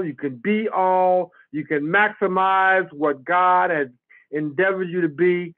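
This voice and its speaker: Encouraging man on a thin call line. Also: sits high. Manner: encouraging, repeats refrains. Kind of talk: motivational pep talk on a video call. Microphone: video call. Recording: thin phone-like call audio.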